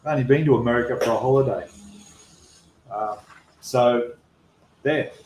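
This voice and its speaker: A man's voice: medium pitch, moderate pace, background noise. An Australian man hosting a live stream Q&A, talking in an exasperated, emphatic way with frequent restarts. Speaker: channel host. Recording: roomy echo.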